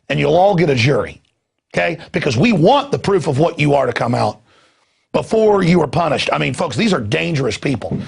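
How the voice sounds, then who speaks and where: A male talk show host delivering an angry, rapid, mocking rant with shouted bursts. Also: fairly high pitch, creaky, slightly rough. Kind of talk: ranting commentary.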